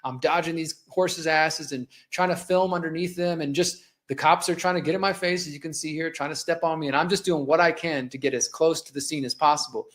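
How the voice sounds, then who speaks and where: Impassioned man in his forties, higher voice. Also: fairly even intonation, brisk, few pauses, fairly bright tone. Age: 40s. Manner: impassioned, conversational, narrating video clips. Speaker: host. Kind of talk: personal storytelling on a live show.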